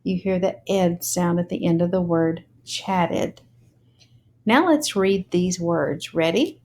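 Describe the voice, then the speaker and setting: A woman teaching a phonics lesson, speaking slowly and deliberately and spelling words out letter by letter. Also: fairly low pitch, darkish tone.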